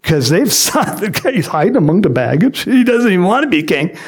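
A man preaching a sermon in a lively, joking manner, acting out quotes and adding chuckling asides as he explains a Bible passage. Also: sits high, brisk, slightly rough. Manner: animated and jokey, acts out quotes, frequent chuckles and asides.

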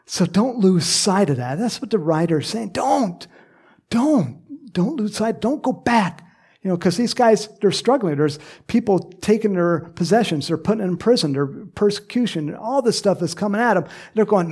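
Animated higher-voiced male pastor. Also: moderate pace, husky. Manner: animated, joking asides with the congregation. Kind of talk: sermon.

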